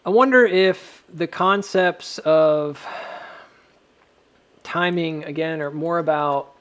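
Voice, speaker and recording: A man's voice: a little high, slow pace, a bit bright, clean tone. A man giving casual, rambling, self-mocking commentary while drawing lines on stock charts.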